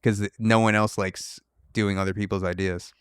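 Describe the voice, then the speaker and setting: A man's voice: on the low side, flat delivery, moderate pace, smooth, no room sound, clean studio sound. A young man hosting a podcast, rambling through jokey, speculative theories in casual chat. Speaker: podcast host.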